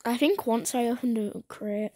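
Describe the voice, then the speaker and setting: A woman chatting casually with a friend while playing an online game for her video, excitable and giggly, with sudden shrieks. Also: fairly high pitch, normal speed, a little hiss or hum. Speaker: gaming video creator. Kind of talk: casual gameplay chat with a friend.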